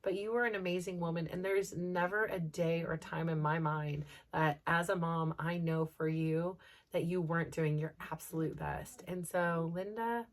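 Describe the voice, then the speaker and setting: A woman's voice: fairly low pitch, steady tone, normal speed. A middle-aged woman hosting a personal podcast, talking in an earnest, rambling way with lots of fillers, emotional as she opens up. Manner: earnest, rambling, full of "like" and "you know". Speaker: podcast host.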